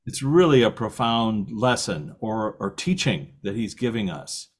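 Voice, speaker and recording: A man's voice: fairly low pitch, big pitch swings, measured pace. An older man hosting a podcast, telling long stories in casual conversation and laughing now and then. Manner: rambling storyteller, laughs often. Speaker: podcast host.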